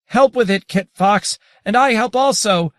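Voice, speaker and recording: A man voicing a frenzied male figure who shouts high and loud in prophetic fervor, in a storybook reading. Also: a little slow, no room sound, clean studio sound.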